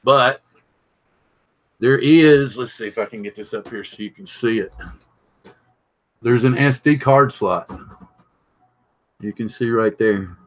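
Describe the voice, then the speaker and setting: A middle-aged man hosts a casual live stream. He rambles and thinks aloud, stopping to greet viewers as they drop in. His voice sits at an ordinary middle pitch. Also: slow, pauses often, low-quality recording. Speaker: drone channel host. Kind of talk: live-stream product unboxing chat.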